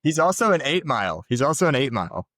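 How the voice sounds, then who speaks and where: On a podcast, a male co-host casually reviews a film, cursing freely, laughing often and staying relaxed. His voice is mid-range and fast, with no echo.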